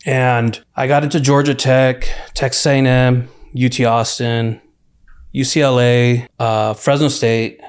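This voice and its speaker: Young man telling his story, relaxed. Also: mid-range voice, a little slow, clean tone. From California, USA. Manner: relaxed, rambling, many "like" and "you know" fillers. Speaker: podcast guest, university student. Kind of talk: casual storytelling interview.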